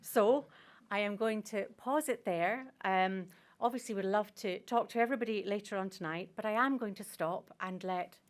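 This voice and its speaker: A woman reads prepared opening remarks to a room of guests, her voice mid-pitched and steady. She speaks in a measured, formal way, leaning gently on her key phrases. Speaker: organisation representative giving opening remarks. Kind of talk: prepared speech. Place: conference room with live audience.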